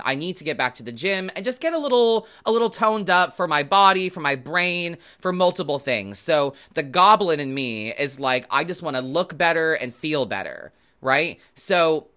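Here a man hosting a tarot reading speaks in a smooth, very bright, somewhat high voice. He chats casually with viewers, rambling as he goes and now and then dropping a curse.

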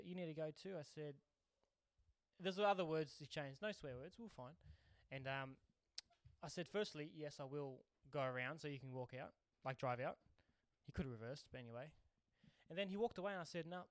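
An Australian man co-hosting a podcast, telling stories in a casual, animated way and getting worked up as he talks. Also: fairly high pitch, no echo, clean studio sound. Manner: animated storytelling, quick to anger. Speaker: podcast co-host. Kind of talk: casual chat.

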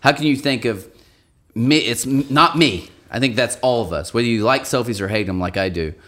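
A man's voice: medium pitch, fairly quick, a bit bright. A man hosting a podcast in casual chat, laughing easily and turning earnest for a devotional. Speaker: podcast host.

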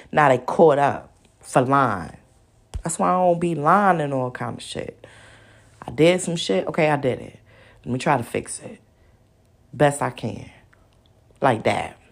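A woman's voice: low-pitched, gravelly. A woman, telling a story in a blunt, profane rant and acting out other people's lines. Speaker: podcast host.

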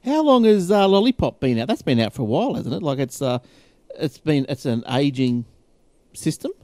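A man's voice: fairly high pitch, very animated, normal speed, warm tone, no echo. A man hosting a casual tech podcast, rambling and chatty with frequent laughs. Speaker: podcast host.

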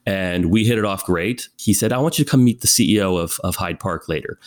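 A man's voice: sits low, fairly quick. A man, telling his career story in a casual interview and acting out quoted voices. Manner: animated, acts out quoted voices. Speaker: guest.

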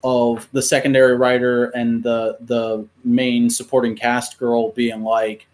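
A man in casual podcast chat, retelling a show in a rambling, profane, animated way with lots of restarts. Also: medium pitch, unhurried, few pauses. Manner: many fillers and restarts.

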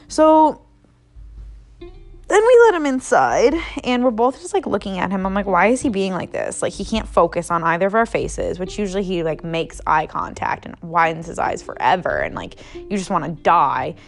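A woman's voice: mid-range voice, sing-song, normal speed, vocal fry. Chatty young woman telling a story. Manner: chatty, heavy use of "like", swears freely. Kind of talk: casual storytelling.

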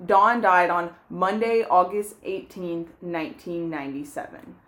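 A woman's voice: on the low side, measured pace, a bit bright. A young woman co-hosting a casual podcast, telling a true crime story from her notes with chatty asides and giggles. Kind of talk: casual chat.

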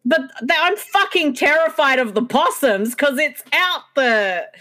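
A woman's voice: sits high, expressive, measured pace, sharp tone. A woman from Australia, guesting on a podcast over a webcam, easygoing and swearing casually.

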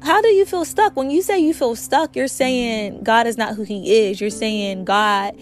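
A woman's voice: on the high side, normal speed, lightly acted. A woman voicing her female pastor, who questions her firmly. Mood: challenging. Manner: challenging, questioning. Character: a firm, probing woman pastor.

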